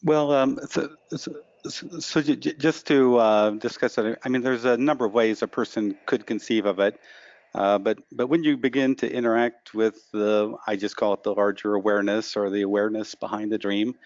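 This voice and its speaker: A man's voice: fairly low pitch, fairly even intonation, moderate pace, a little mellow, no room sound, highs cut off. A man being interviewed as an author, telling stories reflectively and often stammering and repeating words. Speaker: interview guest, lucid dreaming author. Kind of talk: reflective storytelling.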